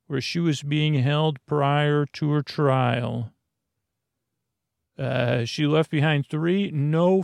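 A man voicing a bumbling male field reporter who rushes a live report and keeps getting flustered. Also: a little high, gravelly, no echo, clean studio sound. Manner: rushed, flustered newsreader delivery.

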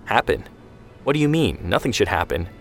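A defiant, hot-headed young man in his twenties in a spoken story, as a man reads him. His voice is fairly low, and he stays sarcastic and defensive. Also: very animated, brisk, faint music behind.

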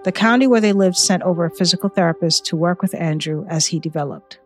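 A woman host who narrates scripted passages and asks her guest calm, measured questions. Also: on the low side, soft background music. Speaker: interview host.

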